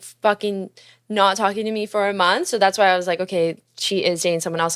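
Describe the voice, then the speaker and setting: A young woman hosting a podcast, telling a candid, profane story about a relationship at a fast clip, laughing often. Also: medium pitch, a bit bright. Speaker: podcast host.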